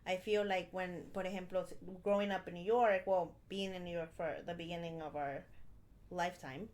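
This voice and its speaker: A woman's voice: fairly low pitch, steady tone, normal speed, a little mellow. A young adult woman co-hosting a podcast, chatting casually and switching between English and Spanish mid-sentence. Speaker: podcast co-host. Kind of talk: casual bilingual chat.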